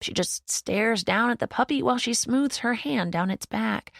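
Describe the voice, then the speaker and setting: A woman reading a novel in the first person as an audiobook narrator, in an even, reflective way. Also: a little high, moderate pace, vocal fry, dry recording, clean studio sound.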